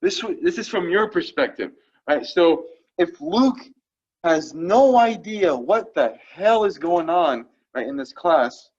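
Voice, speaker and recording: A man's voice: a little high, big pitch swings, a little slow, a little mellow, breathy edge, dull audio. A man teaching French vocabulary to a class, explaining each phrase patiently and checking in after each one. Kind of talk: classroom lesson.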